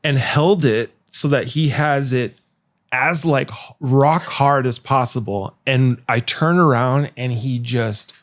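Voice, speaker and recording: A man's voice: mid-range voice, takes it slowly. A man, a podcast host, telling a rowdy work story in casual, profane chat.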